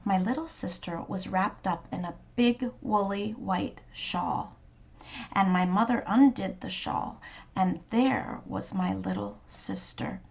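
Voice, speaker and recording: A woman reading a children's storybook aloud in a soft, gentle, sometimes whispery manner. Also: medium pitch, slow, gravelly.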